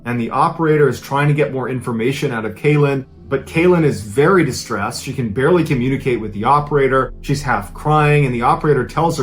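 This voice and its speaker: A man recounts a true-crime story, casual and conversational but building suspense. His voice sits at a mid pitch with faint music underneath. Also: expressive, fairly quick, few pauses. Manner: dramatic, conversational retelling.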